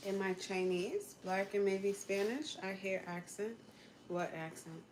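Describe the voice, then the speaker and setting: A woman's voice: mid-range voice, steady tone, a little slow, a little mellow. A young woman chats easily on a livestream, answering viewer comments between tasks in her kitchen. She laughs often and keeps the talk loose and friendly. A faint hum of room noise sits behind her voice. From United States. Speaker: livestream host. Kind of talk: casual livestream chat.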